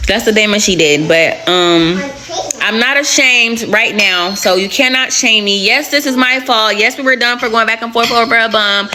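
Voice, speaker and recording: A woman's voice: fairly high pitch, moderate pace, sharp tone, a little hiss or hum. A young adult woman telling a personal story in a casual storytime vlog, candid, slangy and blunt.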